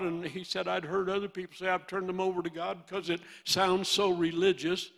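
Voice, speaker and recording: Impassioned old man preaching, gravelly voice. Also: sits high, level tone, a little fast, few pauses. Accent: Midwestern American. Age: 80s. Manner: impassioned, swinging from loud bursts to hushed storytelling. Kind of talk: sermon.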